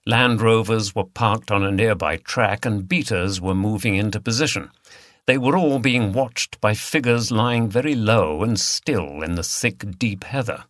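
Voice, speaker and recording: A man narrating an audiobook in a steady, measured reading style. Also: lowish voice, no room sound, studio quality. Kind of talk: scripted narration.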